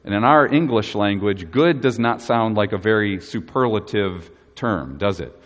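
A man preaching a sermon as pastor, earnest and measured, leaning hard on key words. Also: lowish voice, muffled recording. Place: church. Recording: long reverb of a church hall.

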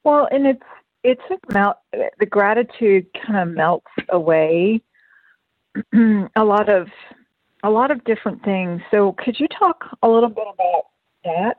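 Slow-speaking woman host on a dry, tinny line. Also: mid-range voice, animated, dry recording. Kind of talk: casual conversational interview. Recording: dry, phone-like narrow band.

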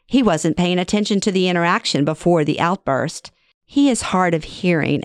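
A woman's voice: sits low, no echo, clean studio sound. A middle-aged woman reading her own memoir aloud in a wry, conversational way. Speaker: memoir narrator. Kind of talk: first-person storytelling reading.

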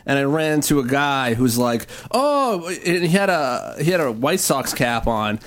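A man co-hosting a studio radio show, talking in an animated, insistent way and repeating himself to make a point. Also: mid-range voice, normal speed. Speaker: co-host. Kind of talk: casual studio radio chat.

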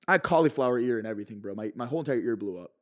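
A man, a podcast guest, telling a story in an animated, excitable way, heavy on swearing and filler words. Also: mid-range voice, racing. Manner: excitable, profane, peppered with "bro" and "like".

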